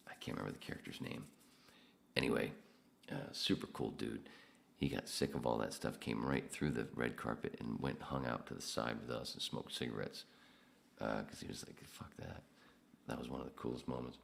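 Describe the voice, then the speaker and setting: A man's voice: very deep voice, fairly quick, vocal fry, a bit bright. A man hosting a podcast, telling rambling, profanity-laced stories in a casual way. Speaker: podcast host. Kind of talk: casual storytelling.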